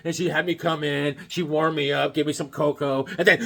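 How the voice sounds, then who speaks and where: A man's voice: on the high side, normal speed, gravelly, hardly any pauses, shouting, noisy background. A man casually telling a childhood story and showing comics from his collection, acting out yelps and other voices along the way. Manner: animated, acts out voices and yelps mid-story.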